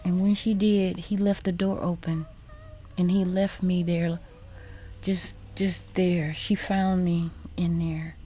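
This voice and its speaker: A woman telling a personal story as a radio guest, halting and repeating words, sometimes dropping to a whisper. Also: fairly low pitch, little pitch movement, dark tone. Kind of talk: personal testimony in a radio interview. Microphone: studio microphone.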